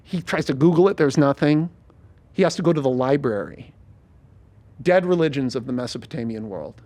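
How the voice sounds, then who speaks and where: A podcast host and screenwriter chatting casually, pitching a movie in an animated, swearing rush. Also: male voice. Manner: rapid, animated, swears freely.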